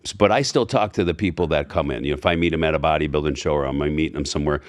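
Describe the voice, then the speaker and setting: A man in his fifties with a very deep, low-pitched voice tells stories in a relaxed chat. He slips in and out of the lines of the people he quotes, with asides and restarts. The recording is dry and close, with almost no room sound. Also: racing, no room sound. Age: 50s. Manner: storytelling, acting out quoted dialogue. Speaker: podcast guest. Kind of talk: casual conversation. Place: Florida.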